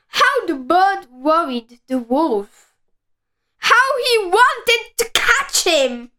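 Slow, high-voiced woman reading a story. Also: poor audio. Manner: slow and expressive, with dramatic pauses. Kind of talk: reading a children's story aloud.

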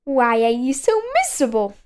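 A woman's voice: on the high side, huge pitch swings, moderate pace, darkish tone, smooth. Woman doing a cheerful, bossy little man.

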